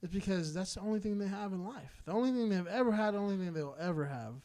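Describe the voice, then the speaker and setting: A man's voice: sits high, expressive, fast talker, a little mellow. A man from Southern California co-hosting a podcast, ranting in a heated, rambling, profane way. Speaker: podcast co-host. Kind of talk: casual podcast rant.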